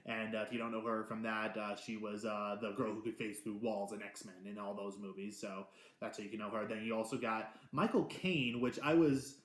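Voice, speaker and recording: A man's voice: lowish voice, normal speed. Rambling man reviewing movies in an echoey room. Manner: rambling, excitable, with frequent restarts and swearing. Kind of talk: casual unscripted movie review. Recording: roomy echo.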